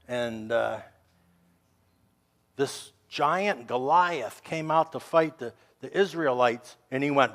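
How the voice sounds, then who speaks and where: A male pastor chatting with children and acting out a story with friendly, animated voices. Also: medium pitch, slow pace.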